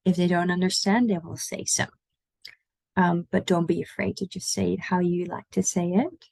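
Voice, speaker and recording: A Dutch-speaking woman teaching an online language lesson in English, saying Dutch words slowly and repeating them for learners. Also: on the low side, level tone, gravelly, darkish tone, no echo, low-quality recording.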